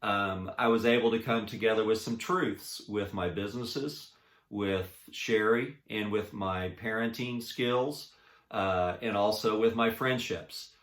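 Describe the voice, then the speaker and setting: A man giving a personal inspirational talk. He speaks earnestly and haltingly, restarting often, and swings between soft and emphatic. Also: fairly low pitch, reverberant. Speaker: motivational speaker.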